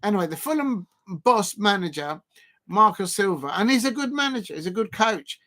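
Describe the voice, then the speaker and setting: A man's voice: sits high, very animated, moderate pace, bright, forceful tone. A man hosting a live fan stream, talking in mocking banter and breaking into chants and jeering noises. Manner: mocking, banter-heavy, chants and sings snippets. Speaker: fan channel host.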